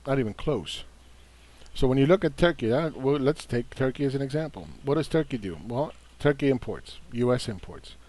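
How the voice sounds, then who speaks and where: Guy ranting about markets, mid pitch, keeps repeating himself to hammer a point. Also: expressive, normal speed, darkish tone. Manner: combative, dismissive, repeats words for emphasis. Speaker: investing commentator. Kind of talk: casual market commentary.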